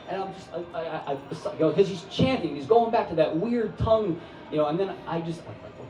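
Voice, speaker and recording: A man's voice: fairly high pitch, fairly quick, recorded from a distance. Wry storyteller man on a roomy stage. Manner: conversational, wry and animated. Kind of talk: live storytelling performance. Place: stage before an audience.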